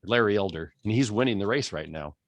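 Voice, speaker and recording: A man's voice: on the low side, expressive, fast. A man chatting casually with a radio host before the show, easily amused. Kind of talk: casual chat.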